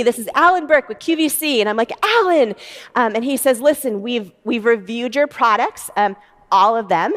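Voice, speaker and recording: A woman telling her own story as a motivational talk to an audience, animated and full of fillers, acting out quotes. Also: fairly high pitch. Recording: long hall reverb.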